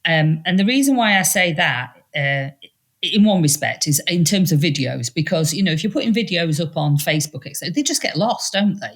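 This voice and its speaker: Woman chatting on a podcast, low voice with lots of gravel, animated. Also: a little fast. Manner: animated, acts out quotes in high voices. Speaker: podcast guest, speaker and mentor. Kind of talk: casual storytelling chat.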